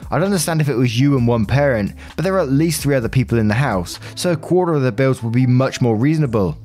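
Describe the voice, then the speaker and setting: A man's voice: medium pitch, lively intonation, quick pace, darkish tone, soft background music. Man reading online stories aloud. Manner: dry, opinionated commentary between readings. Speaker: story-reading channel host.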